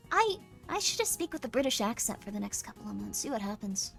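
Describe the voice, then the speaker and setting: A tired young woman streaming, chatting casually with her viewers and squealing into high notes when something excites her. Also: fast, vocal fry, hardly any pauses, faint music behind. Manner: bubbly, jumps to squeaky highs when excited. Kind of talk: casual live-stream chat.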